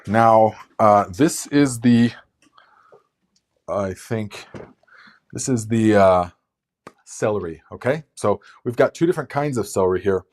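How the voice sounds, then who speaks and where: A man's voice: on the low side, a little slow, pauses often, a little mellow. A man hosting a casual live gardening Q&A, chatty and rambling, with lots of fillers and restarts. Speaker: gardening channel host.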